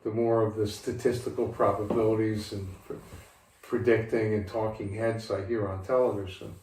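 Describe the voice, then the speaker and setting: A man's voice: fairly low pitch, flat delivery, darkish tone. Older man speaking from across an echoey room. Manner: measured, deliberate, with frequent restarts. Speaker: interviewee, father of the host. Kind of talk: casual conversational interview. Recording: echoey room, mic at a distance, faint background hiss.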